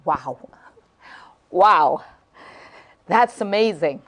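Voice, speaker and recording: A woman's voice: on the low side, lively intonation, drawn-out words. A middle-aged woman hosting a live late-night talk show, heartfelt and emotional, repeating phrases and stumbling over her words as she talks to viewers.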